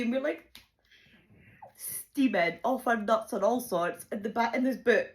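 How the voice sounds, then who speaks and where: A young woman telling a chaotic personal story, animated and swearing freely, laughing often. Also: on the high side, moderate pace. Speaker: vlogger. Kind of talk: casual storytime.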